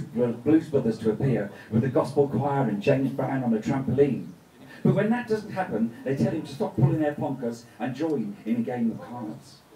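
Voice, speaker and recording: A man performs a story live at a festival, playful and dropping joking asides. His voice is medium in pitch with a dark tone. He's captured by a distant mic in a roomy venue.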